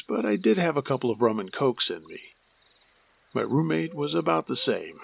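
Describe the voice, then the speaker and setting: A man narrating a true scary story in the first person, his reading measured and steady. His voice is gravelly with a worn, husky edge at a middling pitch. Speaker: storyteller and host.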